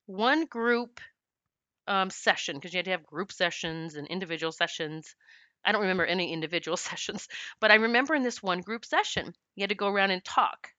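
A woman's voice: mid-range voice, expressive, normal speed, bright, forceful tone, no echo, dull audio. A middle-aged woman telling her life story candidly, laughing often and acting out what people said. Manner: acts out quoted voices of herself and others. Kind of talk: personal storytelling to camera.

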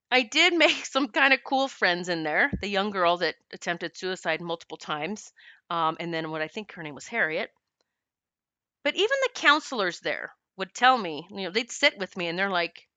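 A middle-aged woman tells her own story, candid and animated, laughing often and swearing now and then. Her voice is bright and smooth, with no room sound around it. She drops into other people's voices as she quotes them. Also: on the low side, moderate pace, no echo. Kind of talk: personal storytelling to camera.

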